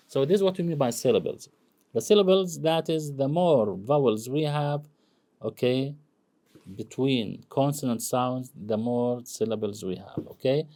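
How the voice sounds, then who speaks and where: Halting lecturer, mellow. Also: male voice, mid-range voice. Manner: halting, full of fillers and self-corrections. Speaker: university English lecturer. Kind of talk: recorded lecture on grammar.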